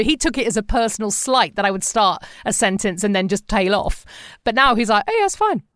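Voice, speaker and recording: A middle-aged woman hosting a podcast, telling candid stories in a lively, conversational way. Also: mid-range voice, smooth, dry recording, clean studio sound. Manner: candid, animated storytelling with quoted voices. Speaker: podcast host.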